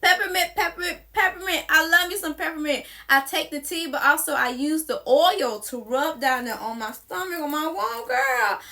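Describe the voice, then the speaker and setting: A high-pitched, bright-voiced young woman talks straight to her viewers like a close friend. She is sassy and playful, with a casual vlog delivery. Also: lively intonation, normal speed, hardly any pauses. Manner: sassy, playful, addresses viewer as girl and sis. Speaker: wellness vlogger. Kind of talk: casual chatty advice vlog.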